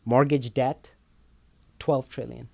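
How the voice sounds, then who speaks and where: A man's voice: mid-range voice, level tone, slow pace, gravelly, warm tone, dry recording. A man co-hosting a casual talk show, explaining finances emphatically, repeating words and checking in with "okay?" a lot.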